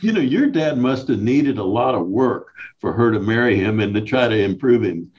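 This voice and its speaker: A man's voice: lowish voice, lively intonation, normal speed, a little mellow. A man hosting a podcast, asking long, rambling questions in a chatty way. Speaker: podcast host. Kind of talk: podcast interview. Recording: dull lo-fi audio.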